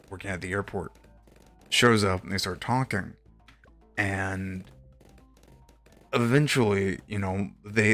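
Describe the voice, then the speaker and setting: Streaming a game, a young man from Texas talks in a low voice with a slightly bright edge. His story wanders, full of filler words and casual cursing, in relaxed gaming chatter.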